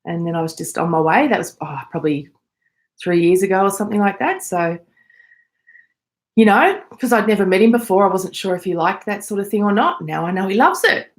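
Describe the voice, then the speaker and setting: Female podcast host, Australian accent, relaxed live-chat delivery from home. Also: medium pitch, brisk. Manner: chatty, reads out viewer messages.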